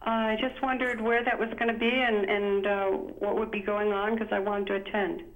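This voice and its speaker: A woman's voice: medium pitch, level tone, normal speed. A woman calling in to a talk show who asks her question in a polite, hesitant way. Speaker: caller. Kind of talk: phone-in question. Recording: tinny phone line.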